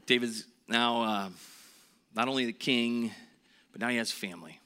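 A man preaching a sermon in an earnest way, dropping to a hushed voice on the heaviest points. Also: medium pitch, normal speed, smooth. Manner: earnest, drops to a hush on heavy points. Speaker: pastor.

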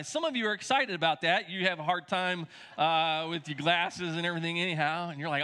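Middle-aged man, pastor, chatty sermon, bright slightly high voice. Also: animated, fairly quick. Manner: conversational with frequent restarts and asides to the congregation.

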